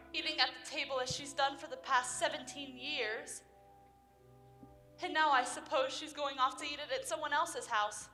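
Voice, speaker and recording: A woman's voice: high voice, sharp tone. Teen girl playing a fretful mother of the bride. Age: teens. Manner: wistful, then indignant. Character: worried middle-aged mother of the bride. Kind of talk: high school stage play. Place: school auditorium stage. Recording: echoey auditorium from a distance.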